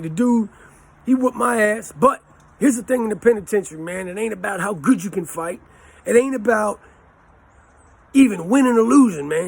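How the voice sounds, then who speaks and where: A man's voice: high-pitched, gravelly, breathy edge. A man in his forties, a channel host, telling stories in a blunt, profane way with a lot of street slang. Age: 40s. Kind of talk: casual storytelling to camera.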